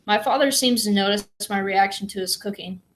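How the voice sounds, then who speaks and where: A woman narrating a novel aloud in first person, in a steady, plain way. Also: medium pitch, a little fast. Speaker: audiobook reader.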